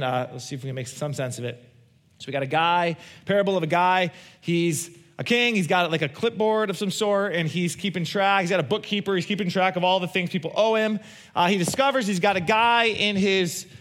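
A man's voice: sits high, fairly bright tone. A pastor preaching a conversational sermon, asking his listeners questions and answering them. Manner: conversational, asks the congregation questions.

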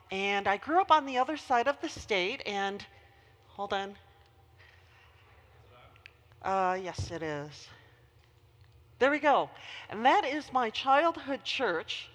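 A woman preaching a sermon and telling a childhood story in an animated way, heard in a long-reverb hall. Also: mid-range voice, takes it slowly, pauses often.

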